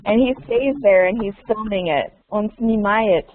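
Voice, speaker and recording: A woman's voice: mid-range voice, moderate pace, crowd noise. A woman teaching a conversation class over a video call. She repeats her questions patiently and slips in Russian words to explain. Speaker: English teacher. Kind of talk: online conversation lesson. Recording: tinny, narrow call audio with faint noise.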